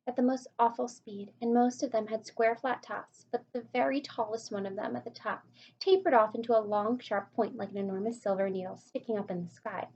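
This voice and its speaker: A high-voiced woman reads a children's book aloud at an easy, lightly expressive pace. The recording is muffled and lo-fi. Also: slightly rough. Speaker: reader.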